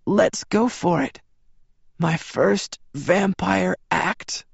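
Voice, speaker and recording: A man voicing a weak young pregnant woman who speaks in a breathy, rasping whisper and makes brave jokes. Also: high voice, very slow, no room sound, highs cut off, voice pushed up, exaggerated voice. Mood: joking.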